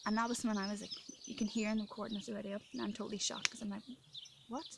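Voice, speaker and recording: A woman's voice: mid-range voice, level tone, rapid-fire, gravelly, background noise. An Irish woman vlogging while shaken and upset, talking indignantly and rambling, sometimes dropping into a whisper. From Ireland. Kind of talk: emotional venting to camera. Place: outdoors in rural France. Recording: outdoor recording with birdsong behind.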